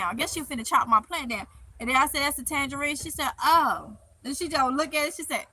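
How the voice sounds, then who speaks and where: A woman's voice: high voice, fairly quick, sharp tone, poor audio. A middle-aged woman with a Mississippi accent hosting a casual livestream, reading chat comments in a chatty, playful way with heavy Southern dialect and frequent laughs.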